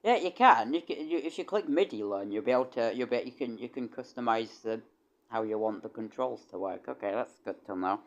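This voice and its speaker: A man's voice: mid-range voice, brisk, a little mellow, lo-fi sound. Brief: young man, casual streamer, rambling and swearing, many restarts. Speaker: streamer and composer. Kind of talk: casual livestream chat.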